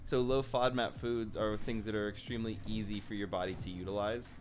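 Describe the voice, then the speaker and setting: A man's voice: fairly low pitch, steady tone, fairly quick, soft background music. A man live-streaming while gaming, chatting casually with viewers; he sounds exhausted and loopy, and he's playful and sarcastic, swearing freely.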